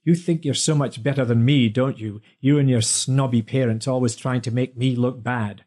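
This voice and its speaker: A man voicing a big, brutish brother-in-law who yells, sneers and swears crudely. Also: medium pitch, fairly even intonation, normal speed, close to an everyday voice. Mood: snarling.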